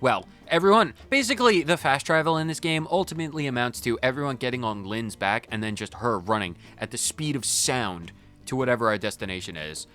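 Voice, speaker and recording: A man's voice: medium pitch, lively intonation, a little fast, fairly bright tone, soft background music. A man hosting a video game playthrough with casual, jokey, rambling commentary. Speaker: gaming channel host.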